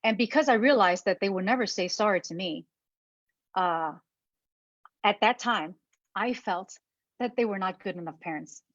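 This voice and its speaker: A woman giving a personal talk, halting and repeating words, holding back tears. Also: medium pitch, a bit bright, no room sound, muffled recording. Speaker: speaker.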